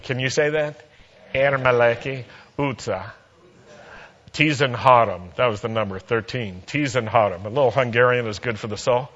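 A man's voice: mid-range voice, fairly bright tone, highs cut off. A man preaching a sermon, telling a humorous personal story and acting out the dialogue with playful energy.

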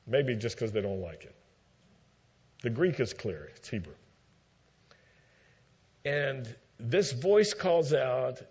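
A man delivering a sermon at an unhurried, deliberate pace. He teaches steadily and leans into quoted lines for emphasis. The recording sounds dull and a little lo-fi. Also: medium pitch, breathy edge. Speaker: preacher.

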